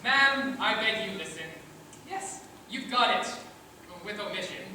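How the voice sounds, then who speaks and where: A man's voice: high voice, lively intonation, a little slow, pushed and bright, a little hiss or hum, full character voice. An actor playing a male lawyer who speaks only in rhymes, pompous and theatrical, in an amateur stage musical. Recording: echoey stage from far off.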